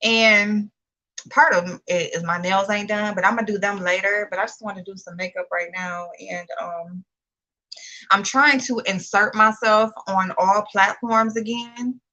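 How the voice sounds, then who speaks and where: A woman's voice: mid-range voice, fairly even intonation, a little slow, sharp tone, muffled recording. A young woman hosting a casual livestream while doing her makeup, chatty and a little nervous, greeting viewers by name. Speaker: beauty YouTuber hosting a livestream.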